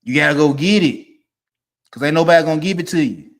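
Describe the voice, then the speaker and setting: A man, ranting casually and profanely, swinging from low mutters to loud, emphatic bursts. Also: fast. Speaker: streamer giving opinions.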